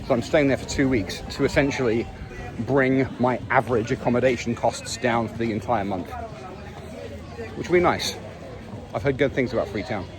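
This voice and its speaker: A man's voice: medium pitch, normal speed, long pauses, a crowd in the background. A man talking in a casual, wry travel vlog while walking outdoors on a busy city street. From England. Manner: chatty, wry and self-mocking. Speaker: travel vlogger. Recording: noisy outdoor street recording. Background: street traffic and city noise.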